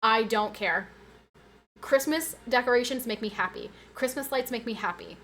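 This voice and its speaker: A woman streamer chatting casually with her viewers and reading their messages aloud. She is animated and giggly, with sudden high squeals. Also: moderate pace, a little hiss or hum. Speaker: livestreamer.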